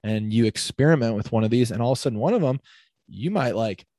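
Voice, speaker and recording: A young man coaching fitness talks in an upbeat, rambling way, peppering his points with "like". His voice is mid-pitched and the sound is dry and close. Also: fast talker, no room sound. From Midwest United States. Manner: energetic, heavy use of "like". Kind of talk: casual podcast conversation.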